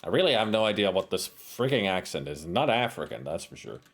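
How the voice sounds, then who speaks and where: A man's voice: low voice, big pitch swings, a little fast. Joking man streaming a retro game. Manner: joking, self-mocking asides. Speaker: streamer playing a video game. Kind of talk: casual game commentary and reading game text.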